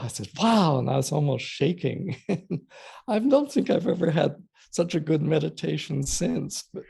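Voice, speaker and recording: An older man with a deeply gravelly, husky voice recalls his past as an interview guest. His tone is dark and mellow, and he keeps breaking into laughter while he tells his stories. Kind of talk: storytelling conversation.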